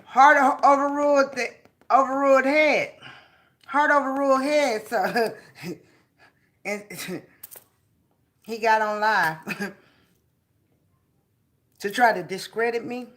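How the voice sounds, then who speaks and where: A woman hosting a casual spiritual reading vlog, laughing often with a drawn-out, preachy delivery. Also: on the high side, fairly bright tone. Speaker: spiritual reader.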